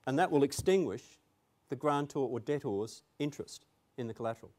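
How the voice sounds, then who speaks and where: A man's voice: medium pitch, expressive, fairly quick, a little mellow. Conversational man giving a legal seminar. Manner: conversational, emphatic asides. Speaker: legal presenter. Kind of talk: seminar presentation with anecdote. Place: seminar room with an audience.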